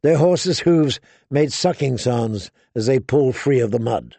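A man narrating a fantasy novel aloud at a measured, even pace. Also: medium pitch, no echo. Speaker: audiobook narrator.

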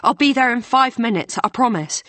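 A woman voicing a flustered, apologetic young woman, breathless and rushed. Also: a little high, animated, fairly bright tone, no echo, voice pushed up.

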